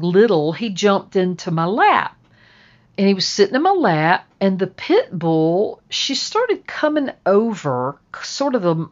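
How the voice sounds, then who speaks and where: Low, slow-talking woman telling a story. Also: dull audio. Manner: drawling storyteller, dropping to a hush for tense moments. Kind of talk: casual spoken anecdote.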